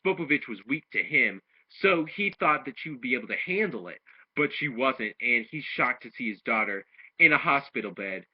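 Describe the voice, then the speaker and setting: Husky man rambling through a recap. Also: mid-range voice, expressive, fairly quick. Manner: rambling retelling with restarts, acting out quoted lines. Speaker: anime episode reviewer. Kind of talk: casual plot recap and review. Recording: dull lo-fi home recording.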